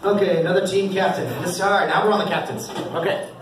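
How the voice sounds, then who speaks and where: A man's voice: high-pitched, steady tone, fast talker, distant mic, noisy background. A man coaching a youth football team, giving an upbeat, encouraging award speech at a banquet and laughing often. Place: indoor banquet hall. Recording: echoey hall, voice off-mic.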